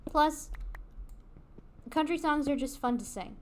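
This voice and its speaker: A woman's voice: sits high, takes it slowly, a little mellow, a little hiss or hum. A young woman streaming a game, chatting casually and rambling between made-up song lines. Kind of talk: casual chat while gaming.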